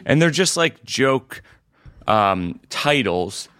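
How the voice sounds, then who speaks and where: A man's voice: mid-range voice, big pitch swings, a bit bright, no echo. A comedian guest telling stories in casual conversation, rambling and correcting himself as he goes. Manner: rambling, halting, self-correcting storyteller.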